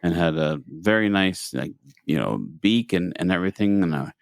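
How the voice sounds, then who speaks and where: Male podcast co-host, low voice, animated storyteller who voices the people he quotes, dry recording. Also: moderate pace, vocal fry, dry recording. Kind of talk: casual storytelling chat.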